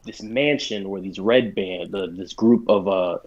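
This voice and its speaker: A man co-hosting a casual podcast, an excitable, rambling storyteller full of fillers who runs tabletop games. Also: sits low, measured pace. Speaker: podcast co-host and game master. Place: bedroom or basement at home. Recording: lo-fi home recording.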